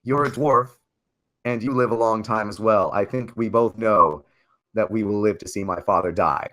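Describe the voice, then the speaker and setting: A man playing a tabletop game in character, speaking in a measured, persuasive way. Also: fairly low pitch, a bit bright. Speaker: player. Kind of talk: in-character tabletop role-play.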